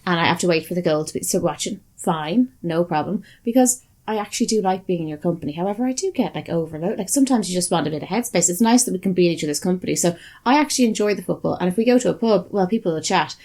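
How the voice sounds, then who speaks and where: Fast-talking blunt woman. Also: fairly low pitch, lively intonation, a little mellow. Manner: fast, blunt, swears casually. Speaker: podcast co-host. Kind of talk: casual chat.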